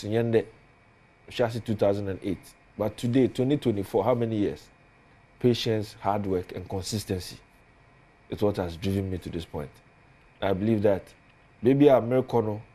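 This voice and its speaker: A man's voice: on the low side, mellow. A man with a Ghanaian accent, a politician guest on a studio talk show, speaking earnestly and building emphasis as he lists points.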